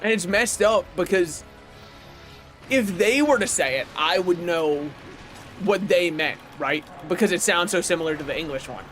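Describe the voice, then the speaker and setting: High-pitched young American male streamer, rambling casual chat with excitable outbursts, soft music underneath. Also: normal speed. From United States. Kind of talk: casual gaming livestream chat.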